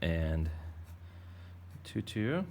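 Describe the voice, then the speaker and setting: A man's voice: low-pitched, very animated, drawn-out words, creaky, darkish tone, a little hiss or hum. A man teaching a drawing lesson for kids, talking in a playful, rambling, jokey way as he draws. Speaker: art teacher.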